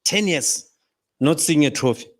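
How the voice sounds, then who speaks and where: A man's voice: a little high, measured pace. A man with a South African accent hosting a casual football chat, telling stories and asking pointed questions. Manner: lively storyteller, asks pointed questions, laughs along. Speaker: show host.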